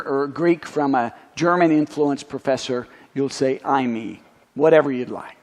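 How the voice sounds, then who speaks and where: Pastor man preaching with long church reverb. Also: on the high side. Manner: explanatory, wry asides, spells out Greek terms. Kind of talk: teaching sermon. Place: church sanctuary.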